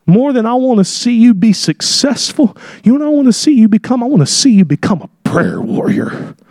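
High-voiced impassioned male preacher. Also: big pitch swings, fairly quick, no room sound, studio quality. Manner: impassioned, emphatic preaching that swells into shouts; folksy, direct, with casual slang. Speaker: pastor. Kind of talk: sermon. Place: church sanctuary.

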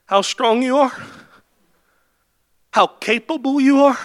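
A male preacher delivering a sermon, swelling into shouted, repeated refrains and then dropping back to quiet, questioning speech. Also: very high-pitched, slow. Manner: builds to impassioned shouted climaxes, then drops to quiet.

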